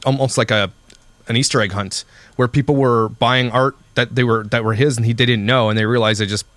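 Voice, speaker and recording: A man's voice: medium pitch, steady tone, brisk, fairly bright tone, no echo. A man in his thirties co-hosting a podcast, rambling in casual chat and restarting his sentences often. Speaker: podcast co-host.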